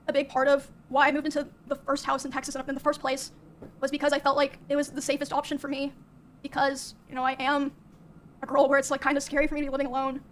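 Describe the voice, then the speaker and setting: A young woman streamer recounting a personal story in a soft, halting way, with many fillers. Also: high voice, slight background noise.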